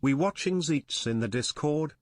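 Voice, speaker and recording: A male text-to-speech voice reading viewer chat messages aloud in a flat, even way. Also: a little high, normal speed.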